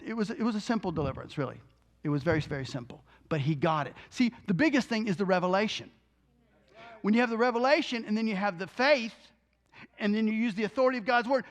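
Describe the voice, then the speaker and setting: A minister telling a healing testimony in an animated storytelling way, acting out the people in the story and tossing in joking asides. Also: male voice, very high voice.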